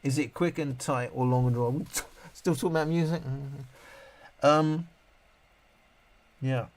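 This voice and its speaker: His mid-range voice is steady, and he takes it slowly. The middle-aged host of a casual live stream reads viewer comments and rambles through his answers, cutting himself off and restarting again and again.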